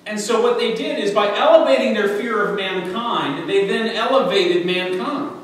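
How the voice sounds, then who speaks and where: A man's voice: high-pitched, moderate pace, a bit bright. A man preaching a sermon as pastor, conversational and joking, reading scripture aloud in a church. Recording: echoey church hall, voice from far off.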